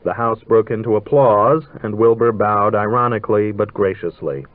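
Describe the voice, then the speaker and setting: Male narrator, measured literary reading, dry close sound, tinny phone-like old radio. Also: lowish voice, no echo. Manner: measured, dryly ironic storytelling.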